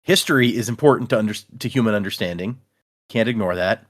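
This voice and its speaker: In a relaxed book discussion, this podcast co-host speaks quickly in a fairly low voice. He's lively and performs the characters' dialogue himself.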